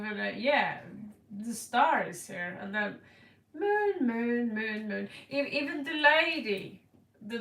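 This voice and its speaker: Slow, gravelly woman reading tarot. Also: medium pitch, fairly bright tone. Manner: blunt and playful, laughs and repeats words for effect. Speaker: tarot card reader. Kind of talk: casual tarot reading to camera. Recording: echoey room, voice distant from the mic.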